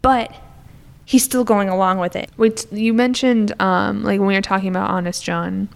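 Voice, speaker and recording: A woman's voice: medium pitch, fairly even intonation, moderate pace, vocal fry. A woman co-hosting a podcast in a casual film discussion, chatty and full of "like" as she retells scenes.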